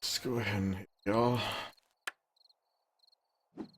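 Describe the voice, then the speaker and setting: A rambling, joking man narrates his game as he plays. His voice sits fairly low. A faint hiss runs under the recording. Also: fairly even intonation, slow pace. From Tennessee. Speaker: let's play host. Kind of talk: casual game commentary.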